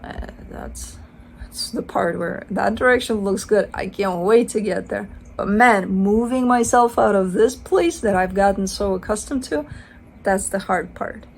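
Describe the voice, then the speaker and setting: A woman's voice: mid-range voice, unhurried, gravelly. A woman giving a casual tarot card reading, chatty and playful, swearing casually and acting out the listener's side. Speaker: tarot reader.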